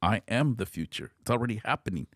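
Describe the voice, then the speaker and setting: A man voicing a tall, calm, telepathic alien being from the future, speaking in a hushed, matter-of-fact way into a close podcast mic. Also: fairly low pitch, fast, husky, no echo.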